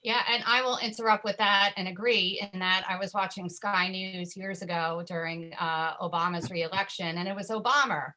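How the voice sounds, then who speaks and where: A woman's voice: lowish voice, level tone, moderate pace, few pauses, sharp tone, low-quality recording. A woman filmmaker on a panel discussion, talking from home over a video call, chatty and prone to tangents. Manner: talkative, digressive.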